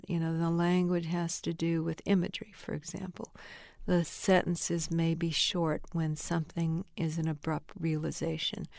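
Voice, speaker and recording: An older woman author speaks in a low, gravelly voice, thoughtful and unhurried, searching for the right words. The sound is close and dry, with no room around her. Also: darkish tone, no room sound. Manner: thoughtful, searching for words, laughs now and then. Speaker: novelist interviewed about her work. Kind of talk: reflective interview answers.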